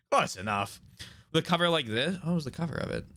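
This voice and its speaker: A man's voice: on the high side, expressive, normal speed, sharp tone. A man streaming a game playthrough, chatting casually with laughing asides. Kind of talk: casual let's-play commentary.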